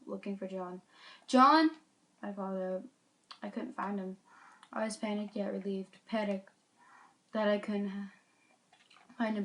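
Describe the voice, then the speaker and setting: A woman reading her own short story aloud, earnestly and a little haltingly, with small slips, recorded on a phone. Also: mid-range voice, gravelly, a little mellow. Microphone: phone mic.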